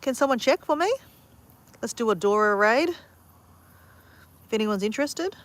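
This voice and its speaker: A woman's voice: fairly high pitch, animated, measured pace. Chatty Australian woman live-streaming outdoors. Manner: chatty and upbeat, talking to viewers. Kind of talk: casual live-stream chat. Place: outdoors in a backyard with chickens.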